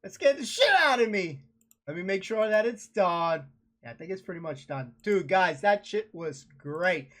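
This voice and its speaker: A man hosting a casual reaction video, bursting into loud excited exclamations. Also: high-pitched, normal speed.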